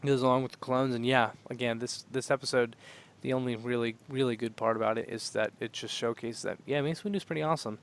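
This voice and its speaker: A man's voice: medium pitch, fairly even intonation, fast talker. A young man co-hosting a podcast, rambling in casual chat and laughing often. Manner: rambling, laughs often, acts out silly droid voices. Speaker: podcast co-host.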